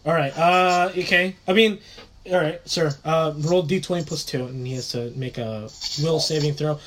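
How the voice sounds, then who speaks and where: A man's voice: fairly high pitch, moderate pace, a bit bright, slight background noise. A man running a tabletop game as game master, talking hesitantly with lots of fillers and laughs. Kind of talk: narrating a tabletop game, casual.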